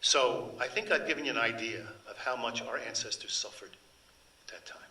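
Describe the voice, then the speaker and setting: A man's voice: mid-range voice, a little fast, pushed and bright, roomy sound, rough recording. An older man, a translator giving a book talk, speaking in a chatty, digressive way about the text. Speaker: author and translator presenting his book. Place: event hall.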